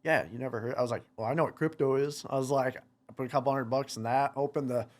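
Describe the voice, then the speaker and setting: A man's voice: mid-range voice, fairly even intonation, quick pace. A young man in his twenties, a motocross racer, telling a story in a casual podcast chat, rambling with lots of "like" fillers and quoting himself. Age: 20s.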